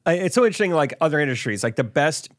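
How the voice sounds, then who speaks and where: A man co-hosting a podcast in casual chat, curious and quick with follow-up questions. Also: fairly high pitch, animated, no room sound, clean studio sound. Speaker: podcast co-host.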